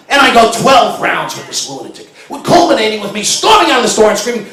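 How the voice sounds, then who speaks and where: A middle-aged man doing a stand-up comedy routine, telling a story and acting out shouted arguments. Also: extremely high pitch, sing-song, quick pace, hardly any pauses. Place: stage before a live audience. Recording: roomy live venue sound.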